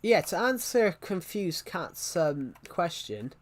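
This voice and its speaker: Slow and sing-song, this young gaming livestreamer's voice sits high. He chats with viewers live in an offhand, rambling way, full of opinions and replies to chat.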